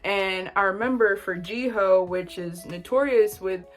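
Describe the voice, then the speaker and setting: A woman's voice: mid-range voice, unhurried, faint music behind. A young woman vlogging a casual storytime, exasperated and full of slang.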